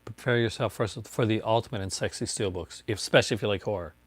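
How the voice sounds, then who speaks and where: A fast-talking man with a fairly low voice rambles cheerfully about his disc collection during a casual livestream. He laughs often and greets viewers by name, and the audio has no room sound.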